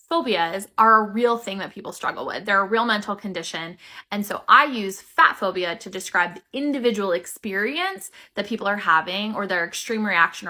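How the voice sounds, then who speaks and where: A woman's voice: medium pitch, pushed and bright. A woman talking casually to the camera and explaining an idea, with frequent "like"s and a conversational flow. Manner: conversational, uses "like" often. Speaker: creator.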